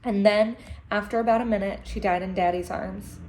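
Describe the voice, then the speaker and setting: A teacher reading a children's novel aloud to her class, gentle and expressive, with emotional asides. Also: medium pitch, normal speed, slight background noise.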